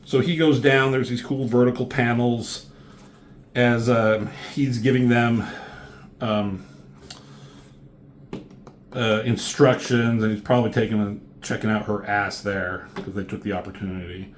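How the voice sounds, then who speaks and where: A man walks through a comic book in a relaxed, unscripted review, his voice sitting at an ordinary middle pitch. He rambles, leans on ums and likes, and drops casual curses along the way. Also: a little slow, long pauses, a little hiss or hum.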